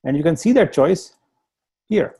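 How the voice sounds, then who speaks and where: A man's voice: on the high side, animated, a little slow, warm tone, husky. Indian-accented man teaching a tech class. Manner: explanatory, repeats points, laughs at himself. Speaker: instructor. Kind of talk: live online tech lesson.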